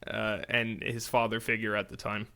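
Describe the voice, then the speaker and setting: A man co-hosting a church podcast, retelling a Bible story in casual, animated chat. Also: on the low side, normal speed, gravelly. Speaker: podcast co-host.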